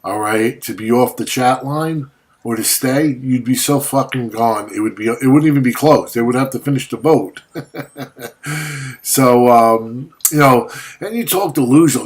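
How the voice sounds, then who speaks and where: A man's voice: medium pitch, lively intonation, normal speed. A man ranting at a rival in a video monologue, confrontational and mocking, swearing often, just after waking up. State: just woken up. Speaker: vlogger.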